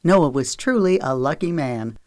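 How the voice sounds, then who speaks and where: A woman narrating a romance audiobook in a steady, measured storytelling voice on a close studio mic. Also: deep voice, dry recording. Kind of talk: scripted narration.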